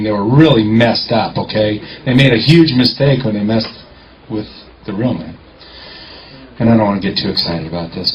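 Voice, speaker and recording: A man telling a lively courtroom-clerk story in a confident storytelling talk, acting out the dialogue. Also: lowish voice, slight background noise. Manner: animated, acts out dialogue, confident. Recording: muffled lo-fi recording.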